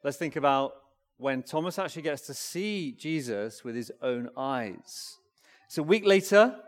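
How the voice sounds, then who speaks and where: A man giving a family-friendly sermon, asking the congregation questions and talking back and forth with them in a lively way. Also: fairly high pitch, a little slow. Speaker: preacher. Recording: long hall reverb.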